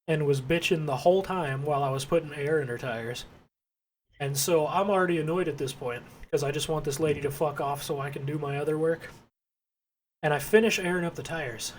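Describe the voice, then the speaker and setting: A young man with a slightly high voice rants through a story about a difficult customer. He swears constantly and plays out both his own lines and hers. A faint hiss sits under the recording. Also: brisk. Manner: angry, profane, acts out both sides of the story. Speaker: podcast co-host. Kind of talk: casual ranting story.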